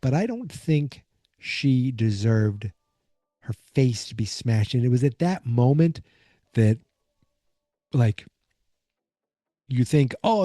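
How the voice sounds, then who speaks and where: Sleepy man with a very dark voice. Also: medium pitch, no room sound, clean studio sound. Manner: rambling, lots of fillers and asides. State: sleepy, fighting off yawns. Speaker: podcast host. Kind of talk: casual episode recap.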